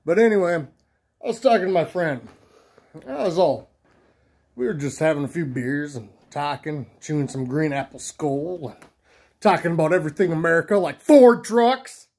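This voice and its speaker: A man's voice: a little high, normal speed, darkish tone, breathy edge. A man ranting crudely to camera in a rowdy, rambling comedic vlog. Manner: rowdy, profane, rambling storytelling. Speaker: vlogger.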